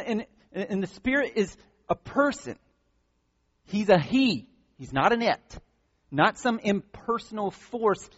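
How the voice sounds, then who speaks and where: Emphatic preacher man in an echoing hall. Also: on the high side. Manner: emphatic, repeats points with frequent "all right?". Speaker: pastor. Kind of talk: sermon. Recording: dull long reverb of a church hall.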